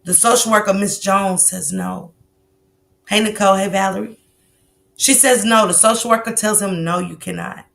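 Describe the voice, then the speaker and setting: A woman's voice: mid-range voice, steady tone, moderate pace, gravelly, a bit bright. A woman hosting a casual livestream, talking loosely at her computer mic and greeting chat viewers by name between sentences. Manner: loose and conversational, with fillers and asides. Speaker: livestream host.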